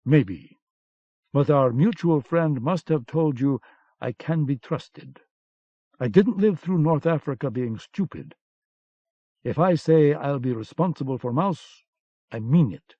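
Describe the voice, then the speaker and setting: A man reading an audiobook, voicing a calm, determined male agent in a firm, steady manner, on a dull lo-fi cassette recording. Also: on the high side, slow pace, no echo, voice pushed up, heavily acted.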